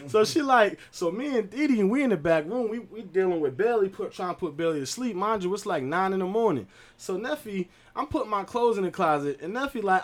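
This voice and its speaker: Animated young New man. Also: high-pitched, a little fast. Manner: animated storytelling, acts out voices of family. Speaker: podcast co-host. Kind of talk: casual chat.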